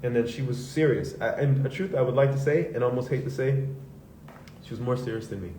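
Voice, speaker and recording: A man's voice: medium pitch, a little fast, dark tone, slight background noise. A man as host, speaking candidly to a live audience in a loose, conversational way, with swearing and acted-out quotes. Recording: echoey room heard from a distance.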